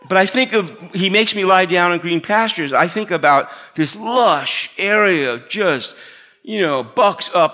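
A middle-aged man preaching a sermon in a conversational way, dropping to a hush to stress his points. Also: on the high side, expressive, measured pace. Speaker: pastor.

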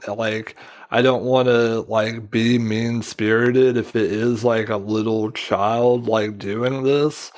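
A man's voice: on the low side, steady tone, slow. A man talking as a podcast guest in casual chat, rambling and filling his sentences with "like". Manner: rambling, leans heavily on "like".

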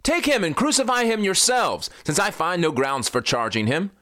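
A man's voice: high voice, very animated, normal speed, sharp tone, pitched above the performer's own voice, full character voice. A man reading as an exasperated Roman governor.

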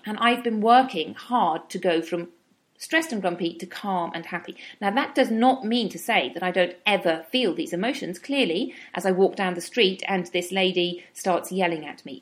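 A middle-aged woman giving a reflective teaching talk, with acted inner-voice asides. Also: medium pitch. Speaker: wellbeing speaker.

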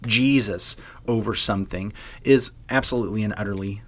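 A man's voice: lowish voice, moderate pace, fairly bright tone. A man co-hosting a Bible podcast, reading scripture expressively like a story for kids and chatting casually. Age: adult parent. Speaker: podcast co-host.

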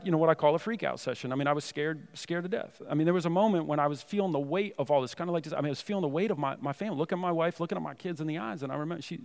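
Guy pastor preaching, kinda high voice, chatty asides, echo hanging in a big church. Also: creaky. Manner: conversational preaching, many "you know" and "right?" asides. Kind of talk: sermon. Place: church sanctuary.

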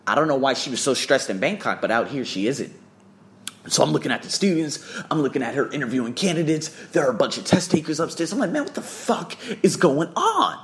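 A man telling a travel story in a casual vlog, profane and excitable, swearing freely as he talks. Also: medium pitch, quick pace. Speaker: vlogger and English teacher.

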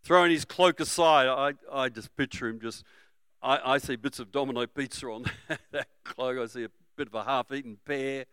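A middle-aged Australian man preaching a sermon, energetic and humorous, sometimes breaking into shouts. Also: mid-range voice, moderate pace, clear, resonant tone, no room sound. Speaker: pastor.

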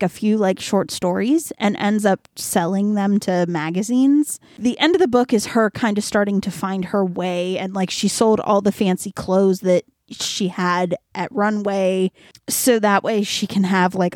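A woman's voice: mid-range voice, unhurried, a little mellow, no echo, clean studio sound. A young adult woman co-hosting a podcast, casually retelling a book's plot and leaning on "like" as filler. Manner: chatty plot retelling with heavy use of "like". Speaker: podcast co-host. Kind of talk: casual book chat.

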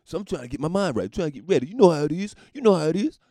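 A man's voice: a little high, animated, rapid-fire, mellow, dry recording, studio quality, voice pushed up. A man voicing an indignant, coked-up white man who whines and pleads for sympathy.

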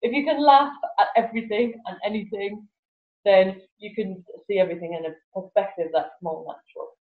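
A woman's voice: mid-range voice, a little fast. Laughing woman telling stories. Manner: laughs often, acts out voices in her stories. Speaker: guest, laughter yoga teacher. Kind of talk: animated storytelling in an interview. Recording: roomy, slightly dull sound with faint music.

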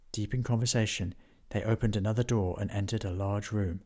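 A man narrating a children's storybook in an even, unhurried way. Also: on the low side.

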